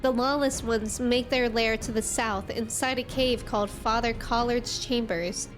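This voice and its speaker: A woman's voice: fairly high pitch, fairly even intonation, measured pace, music in the background, lightly acted. A woman reading aloud the part of a weakened fae artisan who asks a mortal for help, in a formal, pleading manner. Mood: formal plea. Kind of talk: reading game dialogue aloud.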